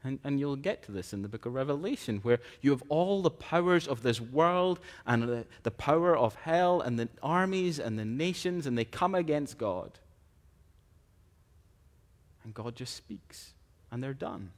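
Male preacher, mid-pitched voice, earnest and measured sermon delivery. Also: expressive. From Scotland. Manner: earnest, measured preaching with slow emphatic phrases.

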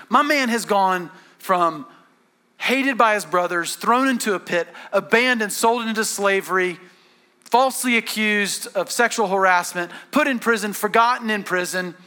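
Bright high-voiced man preaching a sermon. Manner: animated storytelling, acting out characters' lines. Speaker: pastor.

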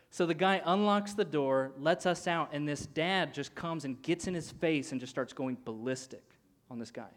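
Male pastor in his thirties, mid-high voice, animated storyteller who voices the people in his story. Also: moderate pace. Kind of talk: sermon story.

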